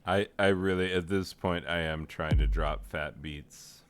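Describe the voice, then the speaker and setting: Deadpan male gamer, very low and unhurried, smooth clear voice. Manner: deadpan, goofy asides, mock rapping. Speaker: gaming video host. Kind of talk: rambling joking game commentary.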